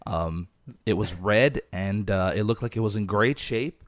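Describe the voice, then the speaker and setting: A podcast host chats casually about cars, rambling a bit and dropping fillers. His voice is fairly low and a little slow. The studio sound is clean, with no room sound.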